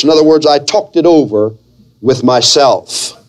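A man preaching a sermon, slow and earnest, with dramatic pauses between phrases. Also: medium pitch.

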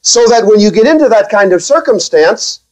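The pastor preaches to his congregation with care, his high-pitched voice expressive and his speed normal. He often restarts and throws in wry, gently sarcastic comments, all on a rough recording.

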